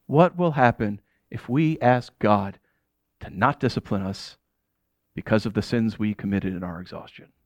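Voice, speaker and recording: A middle-aged pastor giving a sermon in a conversational, jokey way, often asking the audience questions. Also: male voice, fairly low pitch, normal speed, a little mellow, dry recording, dull audio.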